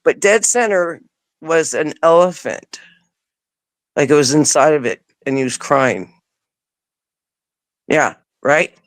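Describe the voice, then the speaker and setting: A woman's voice: deep voice, slow pace, pauses often, dry recording. A woman as an interview guest, telling a personal story in casual words and acting out what she said back then. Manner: animated, acts out her own past words; casual, informal wording.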